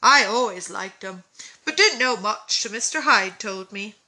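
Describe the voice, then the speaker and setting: A woman voicing an eager, shy boy with rough country speech, in a storybook reading. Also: medium pitch, expressive, a little slow, sharp tone, full character voice, rough recording. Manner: rustic dropped words, eager.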